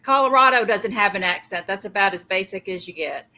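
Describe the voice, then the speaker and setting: A woman's voice: mid-range voice, a little fast, bright, forceful tone. A woman co-hosting a pre-show, chatting casually and teasing, thinking aloud as she talks. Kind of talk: casual chat.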